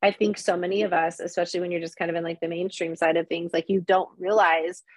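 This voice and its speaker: A woman in her thirties, a podcast guest chatting casually and telling animated stories with lots of fillers. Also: on the low side, fast talker, no echo. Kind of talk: casual chat.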